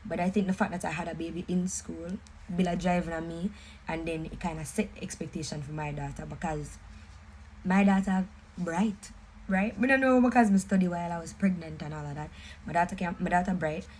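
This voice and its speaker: A young woman with a Jamaican accent, casually telling a personal story in an animated, emphatic way, mixing patois and English. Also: fairly low pitch, brisk, slight background noise, low-quality recording. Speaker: vlogger.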